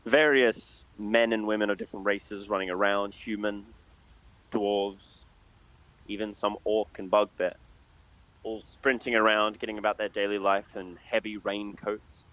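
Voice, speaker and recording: Low-voiced man narrating as dungeon master. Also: flat delivery, measured pace, fairly bright tone, poor audio. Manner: hesitant, many fillers and restarts. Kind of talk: narrating a tabletop game.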